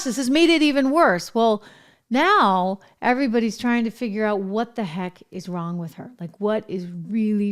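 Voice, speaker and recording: A woman hosting her own show, giving breezy, chatty news commentary with plenty of fillers and asides. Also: lowish voice. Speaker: show host.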